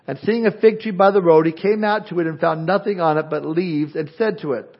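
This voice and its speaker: An older man delivers a sermon with a high voice. His preaching is animated and conversational, full of restarts. The recording is dull and lo-fi. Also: brisk. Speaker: pastor.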